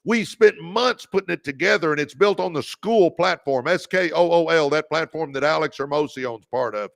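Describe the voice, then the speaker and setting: Fired-up man, creaky. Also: a little high, normal speed, no echo, clean studio sound. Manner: fired-up, repeats key lines, thanks viewers by name; calls viewers "baby". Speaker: podcast host. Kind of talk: motivational livestream talk.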